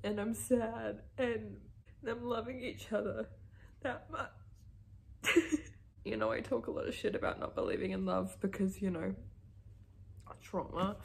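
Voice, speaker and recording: A young Australian book vlogger chats casually and emotionally about a book, reading passages aloud and swearing freely. Her fairly high, gravelly voice has a darkish tone and unfolds slowly, with long pauses.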